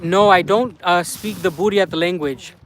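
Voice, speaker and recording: A man's voice: high-pitched, measured pace, a bit bright, slight background noise. Rambling man live-streaming from a garden. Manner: rambling, many fillers, greets chat viewers. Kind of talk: casual live-stream chat. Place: outdoors in a garden plot.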